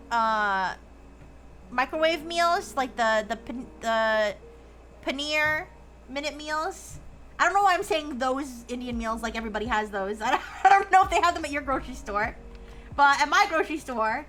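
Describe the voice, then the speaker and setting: A woman's voice: high-pitched, bright, forceful tone, a little hiss or hum. A woman streamer chatting casually while she plays, rambling with lots of restarts and fillers and joking in a playful robot persona. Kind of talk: casual chat while gaming.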